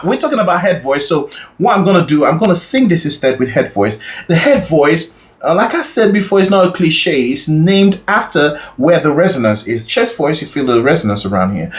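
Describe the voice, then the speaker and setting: A male singing teacher explaining vocal registers patiently, often checking in with his listeners as he goes. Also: on the high side. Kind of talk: instructional explanation.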